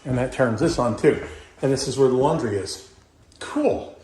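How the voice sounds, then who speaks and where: A folksy middle-aged man from Kentucky talks through a property tour, joking as he walks and sounding a little out of breath. His voice sits at an ordinary middle pitch, and a faint hiss of background noise runs under it. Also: fairly quick, a little mellow. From Kentucky, USA. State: winded from walking uphill. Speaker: real estate investor vlogger. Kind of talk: casual walking home tour. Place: outdoors and inside a house on a property tour.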